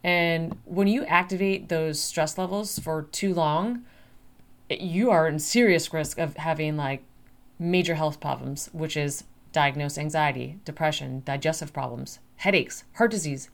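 A woman's voice: low voice, measured pace, gravelly. A middle-aged woman hosting a podcast on health, talking casually and acting out panicked inner voices. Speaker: podcast host.

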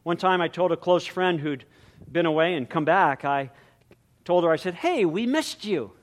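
A man preaching a sermon in an animated, dramatic way, swinging between loud emphasis and hushed, quiet lines. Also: a little high, moderate pace. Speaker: pastor.

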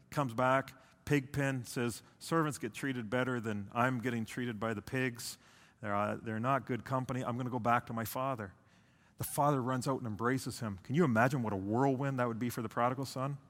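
A male pastor preaching a sermon, swinging between intense and hushed delivery, with slow drawn-out phrases. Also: mid-range voice. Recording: long hall reverb.

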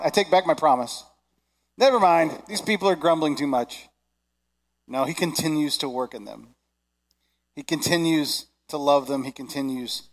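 A man, probably in his thirties, preaching a sermon in a conversational, animated way, acting out little voices. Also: mid-range voice. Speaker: pastor.

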